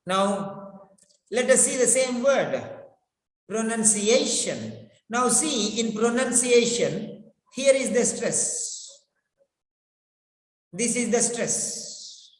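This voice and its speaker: High-voiced man teaching pronunciation, echoey. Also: animated. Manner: deliberate, repeats words over and over to drill them. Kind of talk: classroom lecture with repetition drills. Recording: echoey room with long reverb.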